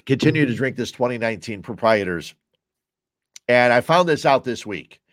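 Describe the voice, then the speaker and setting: A man's voice: medium pitch, lively intonation, moderate pace, no room sound, studio quality. A man with a Chicago-area American accent hosting his own show, chatting casually and rambling from topic to topic while sipping a beer at home. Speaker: podcast host. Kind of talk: casual solo chat while drinking beer.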